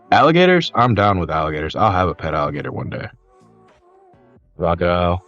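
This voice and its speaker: A man in his thirties co-hosting a podcast, chatting casually in an excitable way, swearing freely. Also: low-pitched, a little fast, long pauses, muffled recording, faint music behind. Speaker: podcast co-host. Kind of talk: casual chat.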